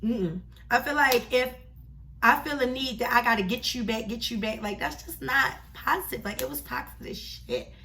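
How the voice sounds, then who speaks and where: A young woman vlogger telling a story in a casual, chatty, slangy and animated way. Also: fairly high pitch, moderate pace, far from the mic, slight background noise.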